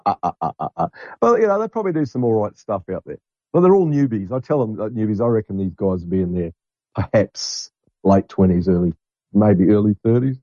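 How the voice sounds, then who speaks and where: A man's voice: on the low side, dark tone, no room sound. A middle-aged man hosting a podcast, talking in a blunt, rambling monologue and swearing freely. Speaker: podcast host. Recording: dull lo-fi dry recording.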